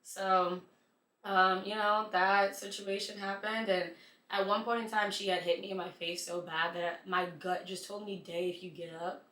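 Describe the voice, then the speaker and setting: A woman's voice: medium pitch, measured pace. Woman telling a story in an echoey room. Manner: animated retelling, heavy use of "like". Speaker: podcast guest. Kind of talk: casual storytelling in conversation.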